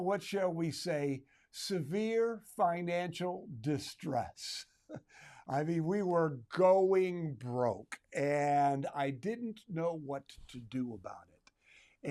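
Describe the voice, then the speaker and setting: A middle-aged man with a slightly high-pitched voice tells a story from his own retail career. He speaks conversationally, adding humorous asides as he goes. His tone is that of a trainer offering a lesson to fellow retailers. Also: darkish tone. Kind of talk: personal story told to retailers.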